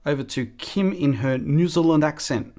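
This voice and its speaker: A man's voice: on the high side, moderate pace, warm tone, slight background noise. A man hosting a game livestream, chatting casually to viewers, reading out their names and apologizing for slips. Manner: chatty, apologetic, addresses chat viewers by name. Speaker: livestream host.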